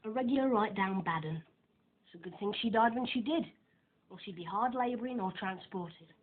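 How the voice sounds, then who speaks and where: An actor playing a mocking, sneering bully of an apprentice, on a tinny old film soundtrack. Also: male voice, high-pitched, normal speed. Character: taunting bullying teenage apprentice.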